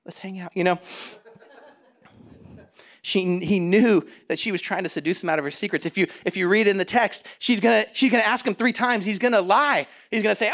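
A pastor delivering a sermon in a fairly high voice for a man. He talks to the congregation in a conversational way, swinging from a near hush to loud, driving emphasis. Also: brisk. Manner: dramatic swings between loud and hushed; conversational, addresses congregation directly.

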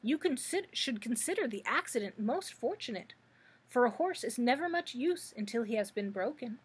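A pompous, learned giant insect, as a woman reads him aloud, speaking in a wordy, formal way. The voice is pitched fairly high and has a husky grain to it. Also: lively intonation, normal speed. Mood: lecturing.

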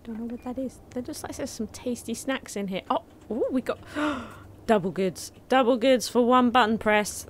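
Excitable woman with a lively, high voice. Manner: chatty and excitable, gasping and thanking viewers. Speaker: gaming YouTuber. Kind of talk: casual gameplay commentary. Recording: faint background game music.

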